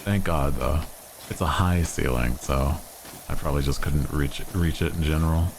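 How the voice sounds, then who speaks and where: A man's voice: extremely low pitch, moderate pace, noisy background. A young man streaming a game, chatting casually and rambling with fillers and restarts. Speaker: VTuber streamer. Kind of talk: casual gaming stream chat.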